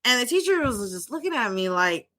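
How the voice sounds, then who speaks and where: A woman's voice: on the high side, a little fast. A woman co-hosting a podcast, telling a personal story in casual chat and acting out the people in it. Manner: animated, acts out quoted voices. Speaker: podcast co-host, mental health professional.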